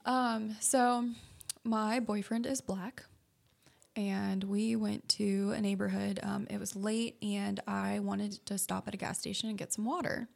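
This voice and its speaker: A woman's voice: medium pitch, flat delivery, unhurried, gravelly, a little mellow. A woman co-hosting a casual podcast chat, telling stories and acting out the exchanges she quotes. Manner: storytelling, acts out quoted exchanges. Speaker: podcast co-host.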